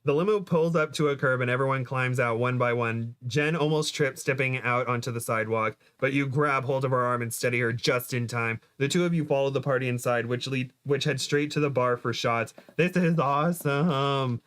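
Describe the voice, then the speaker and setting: A man at a medium pitch reads a cheesy story aloud on a casual stream. He breaks off often to laugh and make self-deprecating jokes, then slips back into the narration. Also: steady tone, fairly quick, few pauses, a bit bright, clear, resonant tone. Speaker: co-host reading a fan-fiction book aloud. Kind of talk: casual chat and playful reading aloud.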